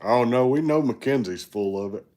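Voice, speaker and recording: A man's voice: mid-range voice, lively intonation, normal speed, warm tone. A man hosting a family livestream, joking and teasing with exaggerated complaints. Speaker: livestream host. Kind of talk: casual chat.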